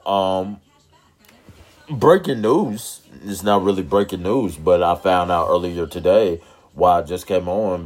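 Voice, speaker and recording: A man hosting his own podcast, talking casually and loosely with slang and lots of fillers. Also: sits low. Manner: laid-back, rambling, with slang and fillers. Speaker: podcast host. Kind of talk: casual solo podcast talk.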